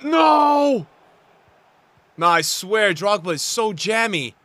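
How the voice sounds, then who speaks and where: A young man giving live commentary on a football video game as he plays, swinging from mumbled asides to loud outbursts. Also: high voice, sing-song, takes it slowly, no room sound. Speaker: gaming streamer.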